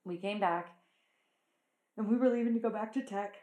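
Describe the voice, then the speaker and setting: A woman hosting a casual chat, talking freely with lots of "like"s and quick laughs. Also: medium pitch, warm tone, roomy sound. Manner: chatty, full of "like" and quick laughs.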